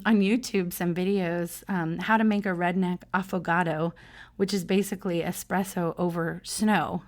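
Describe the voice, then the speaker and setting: A middle-aged woman hosting a solo podcast, talking casually in a chatty, self-mocking way and laughing often. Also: mid-range voice. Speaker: podcast host.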